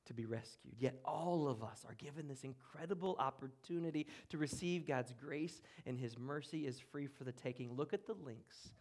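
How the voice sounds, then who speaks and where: A man pastor preaching a sermon in a church room, earnest, with dramatic pauses and drops to a hush. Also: medium pitch. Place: church room, speaking from the front.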